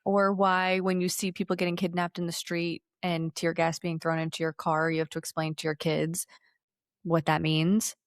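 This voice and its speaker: A woman co-hosting a podcast in casual chat, animated and laughing, often acting out what others said. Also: on the low side, normal speed, no echo, studio quality. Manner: animated, laughing, acts out quotes. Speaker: podcast co-host.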